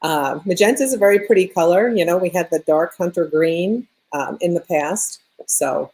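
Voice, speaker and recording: Lower-voiced woman with a New York accent. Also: moderate pace, slightly rough. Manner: relaxed, thinking aloud with fillers. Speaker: interior designer, radio guest. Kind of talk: casual radio chat.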